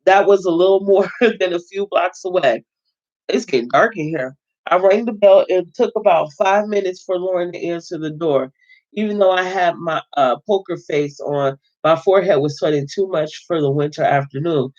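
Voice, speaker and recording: A man reads a novel aloud in a fairly high voice. He keeps a steady pace but stumbles now and then and corrects himself. The recording is muffled and lo-fi. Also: moderate pace. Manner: steady reading with occasional stumbles and self-corrections. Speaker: host reading a novel aloud.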